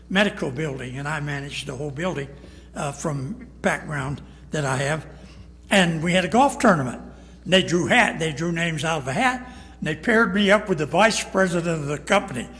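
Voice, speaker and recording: A high-pitched older male pastor delivers a storytelling sermon in a plain, folksy way, slipping into the voices of the people in his stories. His words ring out with a long reverb from the church sanctuary around him. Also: a bit bright. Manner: folksy, plain-spoken, acts out dialogue in stories.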